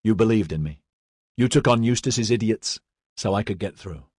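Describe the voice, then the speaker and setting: A man's voice: fairly low pitch, moderate pace, a little mellow, slightly rough, dry recording, studio quality. A man reading the part of a resolute young male leader who speaks firmly and briefly. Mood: warm.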